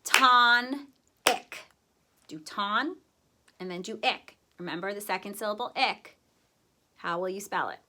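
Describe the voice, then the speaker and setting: A woman's voice: medium pitch, sharp tone, a little hiss or hum. A woman teaching a spelling lesson to first graders, explaining a rule and sounding out each word syllable by syllable. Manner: slow, deliberate, sounds out words syllable by syllable.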